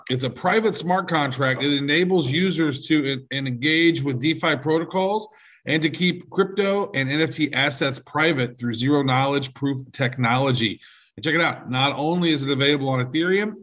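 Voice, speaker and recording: A man with a fairly high voice co-hosts a podcast. He talks in a loose, joking way through a casual sponsor read. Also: a bit bright. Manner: joking, puts on a mock Russian accent at times. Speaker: podcast co-host. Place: Dubai.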